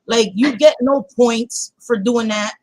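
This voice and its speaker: A woman's voice: a little high, takes it slowly, a little mellow, dry recording, rough recording. A woman hosting a casual livestream chat, talking bluntly and heatedly and swearing freely. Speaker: channel host.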